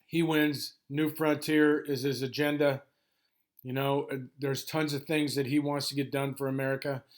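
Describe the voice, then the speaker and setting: A gravelly-voiced man in his sixties giving an informal history overview, rushing through it with many ums and restarts. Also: medium pitch, level tone. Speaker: history presenter.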